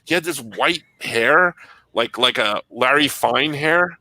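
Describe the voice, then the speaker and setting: A man in casual chat, telling animated stories and laughing often. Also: medium pitch, takes it slowly, a crowd in the background, low-quality recording. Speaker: comic shop podcast co-host.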